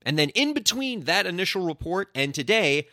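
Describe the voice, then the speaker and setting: An animated male podcast host speaks in a bright, lively voice that swings widely in pitch. He is indignant and playfully sarcastic. The close, dry recording has almost no room sound. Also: normal speed, no echo. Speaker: podcast host, entertainment lawyer. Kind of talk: solo podcast monologue.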